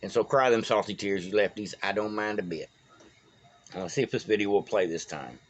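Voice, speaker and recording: Brisk and low-voiced, a Texan political vlogger delivers rambling, folksy solo commentary, stumbling over names along the way. He records on a phone, and the sound has its highs cut off.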